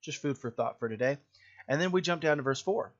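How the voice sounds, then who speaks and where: A man's voice: fairly high pitch, lively intonation, a little fast, highs cut off. A man preaching a sermon in a plain conversational way, with frequent fillers and restarts.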